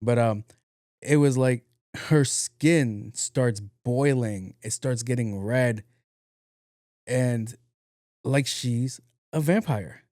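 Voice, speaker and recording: Animated man telling a work story. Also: mid-range voice, extremely slow, pauses often, dry recording, clean studio sound. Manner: animated, acts out dialogue, swears freely. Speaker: podcast host. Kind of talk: casual storytelling monologue.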